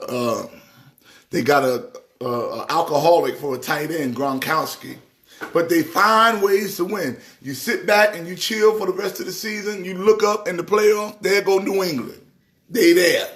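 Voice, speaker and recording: A middle-aged man from New York hosts a casual live stream about sports. His voice sits high, and he teases viewers in an animated way. At times he slips into the rhythm of a preacher's exhortation. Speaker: church organist hosting a live stream.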